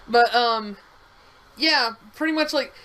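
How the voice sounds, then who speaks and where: Young woman on a game stream, bright higher voice, rambles and swears while telling stories. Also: slow pace, poor audio. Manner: animated storyteller, rambling with restarts and swearing. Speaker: streamer co-host. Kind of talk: casual chat over a game stream.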